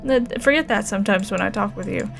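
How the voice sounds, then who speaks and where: A woman voicing a calm, measured mystical spirit in a game. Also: medium pitch, gravelly, faint music behind. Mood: serene.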